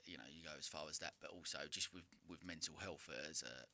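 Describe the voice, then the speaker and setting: British man, deep gravelly voice, very bright edge, podcast host, searching halting questions. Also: a little hiss or hum. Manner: searching and halting, with many restarts while forming long questions. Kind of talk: casual podcast interview.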